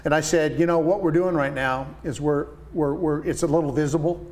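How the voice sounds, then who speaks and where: A man in his sixties, a painting business owner, chatting as a guest and telling lively stories with quoted voices. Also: a little high, brisk. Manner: enthusiastic storyteller, animated quoted voices. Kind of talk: casual interview chat.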